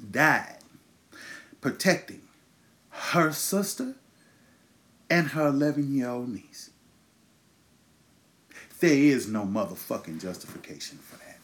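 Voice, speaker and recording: A man in his thirties hosting his own show, ranting with angry, profane emphasis and pointed rhetorical questions. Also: mid-range voice. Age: 30s. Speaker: podcast host. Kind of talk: impassioned monologue.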